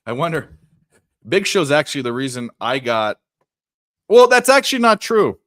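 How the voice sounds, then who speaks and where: With a fairly high voice that swings widely in pitch, a man co-hosts a live sports betting stream at a moderate pace. Through a desk mic, his fairly bright, clean, echo-free chat rambles, swears, jokes and breaks off whenever the games need a reaction.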